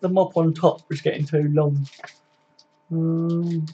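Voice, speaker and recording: A man's voice: a little high, level tone, slow pace, warm tone, breathy edge, highs cut off. A man hosting a casual live football chat, reading and answering viewer comments by name, swearing freely and laughing often. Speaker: livestream host.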